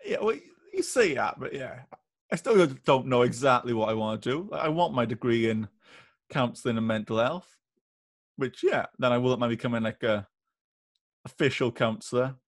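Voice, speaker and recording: A man's voice: mid-range voice, animated, moderate pace, no echo, studio quality. A young man, a student, chatting casually as a podcast guest, hesitant and easygoing. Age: young adult. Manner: hesitant, restarts and fillers, easygoing.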